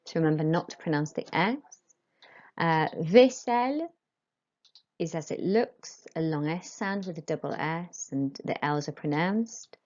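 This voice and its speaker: A woman teaching a school French lesson, modelling each phrase slowly and carefully for pupils to repeat. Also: sits low, a little mellow, highs cut off. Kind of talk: recorded classroom lesson.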